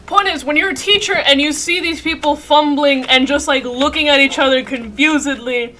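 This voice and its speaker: Bright high-voiced woman streamer chatting. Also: moderate pace, a little hiss or hum. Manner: rambling, chatty, swears freely, laughs often. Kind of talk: casual chat while playing a game.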